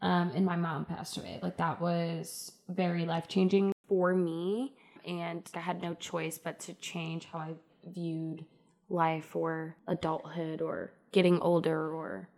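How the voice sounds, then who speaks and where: Woman podcast guest, animated, sassy, emphatic delivery in casual chat. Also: on the low side, unhurried, creaky.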